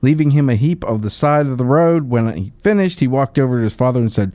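A man co-hosting a radio show, reading jokes in a wry, deadpan way with casual banter. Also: medium pitch, fast, no echo. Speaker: radio co-host.

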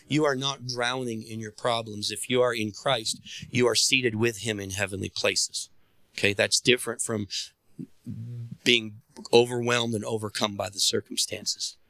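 A pastor preaching a sermon in a bright, forceful man's voice. He calls out to the congregation and presses them to answer back. The sound is close and dry. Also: medium pitch, dry recording.

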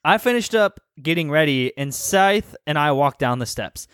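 A man narrating a story aloud on a comedy podcast, animated and laughing, stumbling over names. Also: fairly high pitch, normal speed, clean tone, no echo, studio quality.

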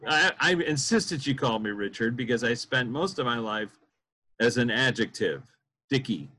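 A man's voice: mid-range voice, lively intonation, normal speed, bright, forceful tone, a little hiss or hum. A man hosting a casual interview, joking and self-deprecating as he leads the talk. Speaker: podcast host.

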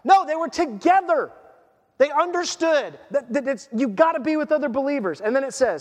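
A man with a very high voice preaching in a loose, chatty style. His words ring out with a long reverb through a large hall. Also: brisk. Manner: conversational, animated preaching with asides. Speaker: pastor. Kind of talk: sermon.

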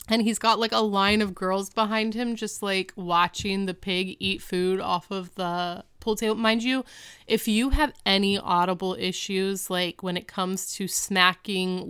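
A woman's voice: medium pitch, sharp tone, clean tone, no room sound, clean studio sound. A woman co-hosting a podcast, chatting casually as she recaps a TV episode and acts out lines in quoted voices. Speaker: podcast co-host.

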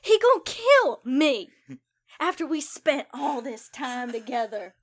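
A woman playing a brash, profane wife in an improvised comedy sketch, ranting and threatening in loud outbursts. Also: high-pitched, sing-song, unhurried, heavily acted. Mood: furious.

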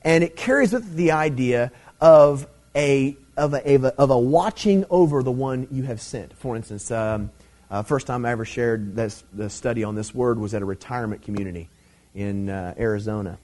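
A man's voice: medium pitch, normal speed, a little mellow. A middle-aged man preaching a Bible teaching sermon in a conversational way, with many fillers, swelling into emphatic stresses.

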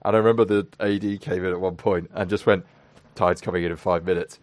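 Low-voiced man telling stories. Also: quick pace, dry recording. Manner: animated storyteller, acts out voices, laughs often. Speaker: podcast host. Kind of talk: casual chat.

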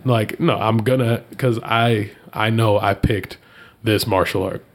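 A man in a casual chat, telling a story and voicing the people in it, leaping up in pitch when he quotes them. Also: a little slow. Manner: animated, jumps high when quoting people.

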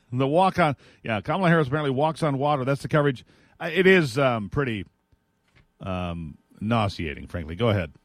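A man's voice: medium pitch, lively intonation, fairly quick, no room sound, clean studio sound. A man hosting a political talk radio show, opinionated and chatty, laughing now and then.

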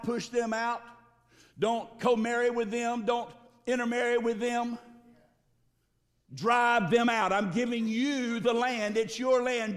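High-voiced pastor preaching in a reverberant hall. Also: male voice. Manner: emphatic, calls for congregation response. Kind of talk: sermon. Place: church sanctuary.

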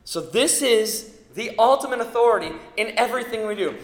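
A middle-aged male pastor delivers a sermon, pressing hard on key words and building to loud peaks. His voice sits fairly high for a man. The sound carries long reverb, as in a roomy church hall. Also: expressive, brisk. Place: church sanctuary.

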